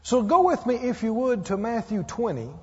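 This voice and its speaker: High-voiced man preaching with emphasis. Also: very animated, moderate pace. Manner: emphatic, calls for amens. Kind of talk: sermon. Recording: muffled roomy hall.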